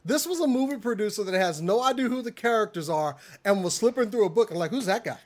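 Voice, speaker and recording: A podcast co-host in a casual panel chat, talking in an animated, exasperated ranting way. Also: medium pitch, fast.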